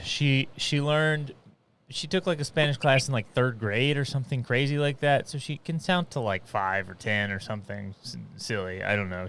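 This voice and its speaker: A man with a smooth, clear voice chats on a casual talk show. He tells stories in an animated way and tosses in quick asides. His pitch stays middle of the road. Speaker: podcast co-host. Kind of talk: casual chat.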